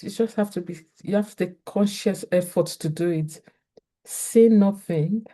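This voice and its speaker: A woman with a Nigerian English accent and a fairly low, mellow voice gives earnest parenting advice straight to camera. She speaks directly to parents, repeating her key points.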